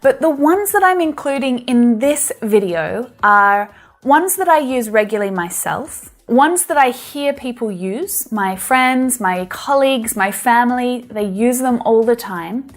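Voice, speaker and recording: A woman's voice: fairly high pitch, animated, unhurried. An Australian woman with an Australian accent, giving a friendly English lesson on YouTube and laughing now and then. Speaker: English teacher.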